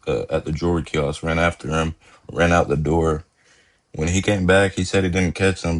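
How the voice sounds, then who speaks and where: A young man hosting a podcast, telling stories in a laid-back, slangy way and laughing as he goes. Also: low voice. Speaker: podcast host. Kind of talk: casual storytelling.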